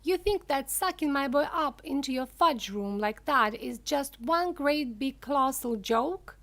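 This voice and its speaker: A woman doing a high, shrieking storybook mother, loud and scolding, her voice leaping up and down as she rages. She talks slowly and fiercely. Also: animated, heavily acted. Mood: furious. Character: shrieking furious mother, middle-aged woman.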